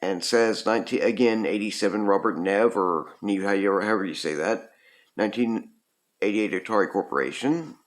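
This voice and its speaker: A man's voice: fairly low pitch, brisk. Rambling man in a roomy echo. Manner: rambling, frequent ums and uhs. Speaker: retro game reviewer. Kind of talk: casual game review.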